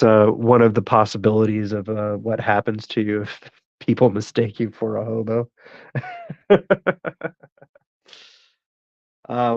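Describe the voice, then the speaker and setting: A man's voice: fairly low pitch, dry recording. A man hosting a show, telling a rambling, profane personal story and laughing at it. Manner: rambling, profane, laughs at his own stories. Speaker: host. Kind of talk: casual storytelling. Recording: dull, dry lo-fi sound.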